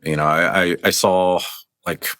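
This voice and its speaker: Deep-voiced man talking in dry, close sound. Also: level tone, a little slow, a bit bright, no room sound. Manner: rambling, enthusiastic, heavy use of "like". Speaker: podcast guest. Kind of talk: casual conversation.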